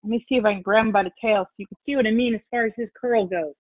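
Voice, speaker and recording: A woman's voice: a little high, rapid-fire, no room sound. A woman chatting casually as she cooks, explaining each step and swearing now and then. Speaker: guest chef. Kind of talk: casual cooking chat. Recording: tinny phone-like line.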